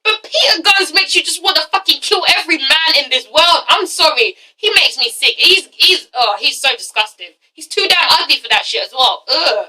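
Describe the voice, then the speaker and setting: A woman's voice: high voice, lively intonation, moderate pace, few pauses, bright, forceful tone, recorded from a distance, low-quality recording. A young woman reviewing a TV show, blunt and profane with exasperated asides. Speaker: TV review vlogger. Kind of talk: casual ranting review.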